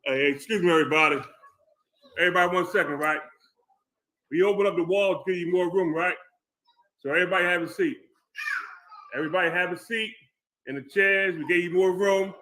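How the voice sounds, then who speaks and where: A man organizing the audience, giving brisk announcements to the crowd so that they take their seats. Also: high-pitched, sharp tone, low-quality recording.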